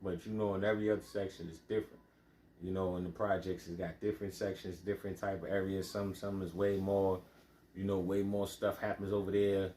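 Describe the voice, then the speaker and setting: A man's voice: deep voice, level tone, a little fast, dark tone, reverberant, slight background noise. A man from the Bronx with a New York accent, telling his life story in a loose, rambling way with lots of fillers. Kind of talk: casual monologue.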